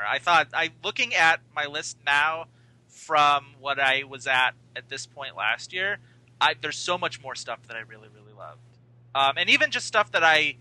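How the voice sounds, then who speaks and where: A man's voice: on the high side, bright, forceful tone, poor audio. A man co-hosting a casual film podcast, chatty and hedging, thinking aloud with many fillers. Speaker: podcast co-host.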